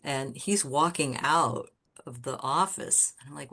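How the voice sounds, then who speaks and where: Woman, low voice, podcast guest, candid storyteller, blunt, animated. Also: measured pace. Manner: blunt, candid, swears freely; animated storyteller who acts out quoted people. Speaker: podcast guest, graphic designer. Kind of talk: casual storytelling interview.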